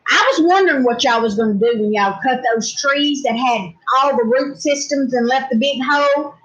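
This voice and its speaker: A woman's voice: high-pitched, moderate pace, a bit bright, dull audio. Chatty middle-aged Louisiana woman. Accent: Louisiana Southern. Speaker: homestead channel co-host. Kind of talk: casual livestream chat reading comments.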